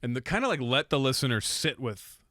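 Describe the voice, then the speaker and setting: A man's voice: mid-range voice, very animated, fairly quick, pushed and bright, dry recording, studio quality. Irreverent, swearing man explaining music production. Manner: irreverent, swears, self-mocking. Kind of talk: casual tutorial with jokes.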